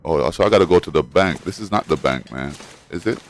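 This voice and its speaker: A man giving casual let's-play commentary, excitable and profane, trash-talking and calling to his in-game dog. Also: a bass voice, a little fast, a little hiss or hum. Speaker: gamer and streamer.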